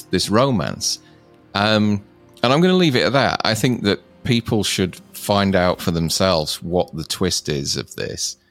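A man co-hosting a casual chat about films, rambling and often circling back to finish his thought, with frequent chuckles. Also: deep voice. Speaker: co-host discussing films.

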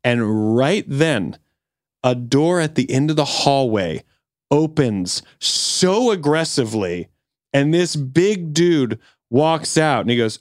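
A man's voice: mid-range voice, takes it slowly, dry recording, studio quality. A man co-hosting a podcast, telling a long story casually and acting out what people said. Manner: animated storyteller, acts out quotes. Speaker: podcast co-host.

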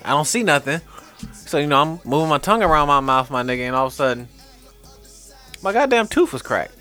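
A man on a podcast, chatting casually and telling a story in slangy, animated speech. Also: fairly high pitch, fairly quick, faint music behind. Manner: animated, slangy, laughs while telling stories.

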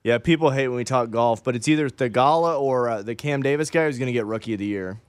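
A man's voice: medium pitch, fast talker, clean tone, dry recording, clean studio sound. A man co-hosting a show, telling sports stories with wry, opinionated takes in casual banter.

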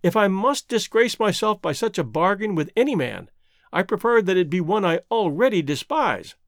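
A man's voice: sits high, sing-song, normal speed, dry recording, studio quality. A man voicing a proud, torn young woman in an audiobook, speaking earnestly. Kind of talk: audiobook character reading.

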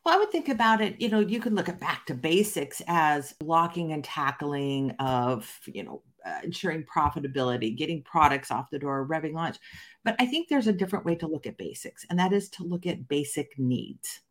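A woman's voice: low voice, lively intonation, fairly quick. A woman guest in a conversational interview, explaining her research fluently and with emphatic stresses.

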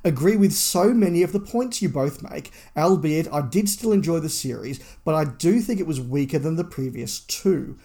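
A man talks casually on a podcast, with a fairly high voice. He jokes at his own expense. He often stumbles and restarts his sentences. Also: animated, moderate pace, hardly any pauses, warm tone. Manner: chatty, self-deprecating, stumbling restarts. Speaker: podcast co-host.

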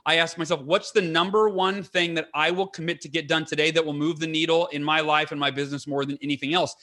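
A man with a bright, fairly high voice who talks as a podcast guest. He is earnest and eager, piles up fillers and restarts, and speeds through his points. The talk is casual and unscripted. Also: steady tone, quick pace.

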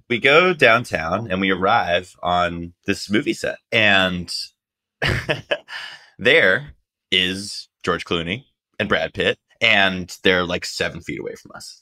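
A man casually telling a story, animated, acting out quotes in high voices.

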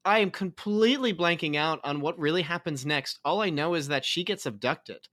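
Brief: male co-host, bright forceful tone, dry close sound, rambling and chuckling through a film recap. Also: on the high side, moderate pace, dry recording. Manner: rambling, laughs often, self-correcting. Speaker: podcast co-host. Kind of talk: casual movie review chat.

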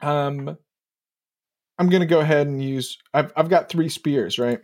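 A man's voice: fairly high pitch, unhurried, darkish tone. A man playing a tabletop game, chatty and eager as he declares his moves. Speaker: player. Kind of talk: casual tabletop game talk.

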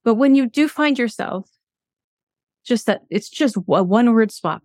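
A middle-aged woman, a coach and university teacher, tells a story in a motivational talk with lively asides and restarts. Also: on the high side, unhurried, no echo, studio quality.

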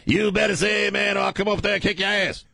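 A man doing a voice of a fiery male radio preacher who shouts, builds into a frenzy and threatens his congregation. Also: sits high, steady tone, fast, gravelly, no echo, studio quality, pitched above the performer's own voice, full character voice. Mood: fervent.

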